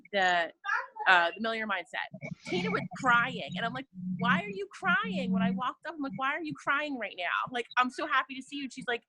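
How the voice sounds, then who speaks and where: A woman's voice: high voice, pushed and bright, low-quality recording. A woman on a team call telling a story in a chatty, eager way, full of "like"s. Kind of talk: casual group call.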